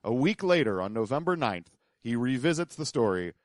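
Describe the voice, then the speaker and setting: A man's voice: mid-range voice, sing-song, a little fast, no echo, studio quality. A man hosting a commentary show, introducing clips in a matter-of-fact way. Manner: matter-of-fact narration of dates.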